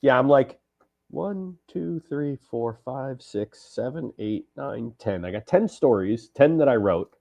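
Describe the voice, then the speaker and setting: A man's voice: mid-range voice, expressive, unhurried, vocal fry, mellow, dull audio. A man co-hosting a podcast, chatting casually and enthusiastically, often hesitating and restarting his sentences. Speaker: podcast co-host. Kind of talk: casual chat.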